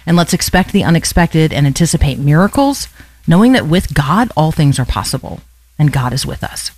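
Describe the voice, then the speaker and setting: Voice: mid-range voice, animated, a little fast. A radio host giving an earnest, emphatic devotional talk that repeats key words for emphasis.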